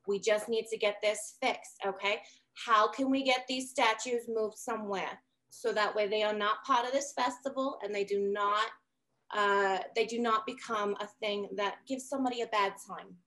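A woman voicing a brash, fast-talking auntie in a tabletop game, giving blunt tough-love encouragement. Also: medium pitch, steady tone, a bit bright, natural voice. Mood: soothing. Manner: firm, brisk pep talk with commands.

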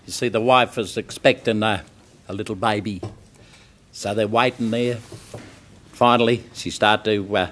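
A man's voice: mid-range voice, bright, forceful tone. An older Australian man telling folksy jokes on a TV variety show, slipping into characters' voices. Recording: TV studio with audience. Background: studio audience laughter.

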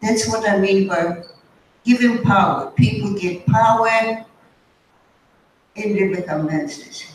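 Older woman speaking slowly in an echoey hall. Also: mid-range voice. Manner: slow and deliberate. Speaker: guest speaker. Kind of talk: storytelling testimony. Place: high school auditorium. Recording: distant mic, echoey hall, faint noise.

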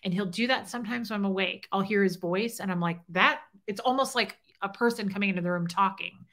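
A middle-aged woman hosts a casual livestream, reading viewer comments and talking openly, emotionally, and chattily in a heartfelt way. Her voice is medium-pitched and a bit bright, and she speaks a little fast.

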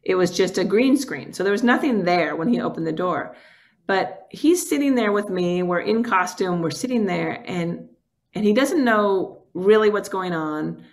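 A woman's voice: medium pitch, animated, normal speed. A woman filmmaker telling personal stories in a candid, emotional way, with many "like" fillers, over a video call. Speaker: documentary filmmaker guest. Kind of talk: candid conversational storytelling.

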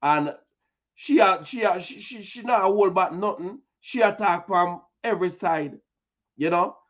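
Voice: medium pitch, a little slow, a bit bright, muffled recording. A host with a Jamaican accent giving chatty news commentary, repeating words and leaning on fillers. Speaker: online news show host.

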